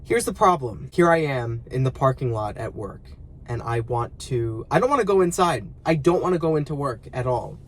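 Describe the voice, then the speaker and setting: A man's voice: medium pitch, lively intonation, normal speed, a little hiss or hum. A man in a parked car, complaining dramatically in a casual vlog. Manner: dramatic, mock-complaining, exaggerated. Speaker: vlogger.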